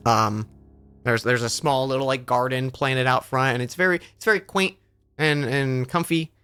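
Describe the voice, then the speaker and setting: A man narrating a tabletop game as game master, halting and restarting often. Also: mid-range voice, pushed and bright, clear, resonant tone, faint music behind. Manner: halting, with many fillers and restarts.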